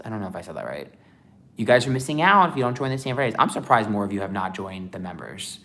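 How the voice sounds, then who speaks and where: A man's voice: on the low side, sing-song, fast, pushed and bright. A man chatting casually on a livestream as a tarot reader, rambling with lots of fillers.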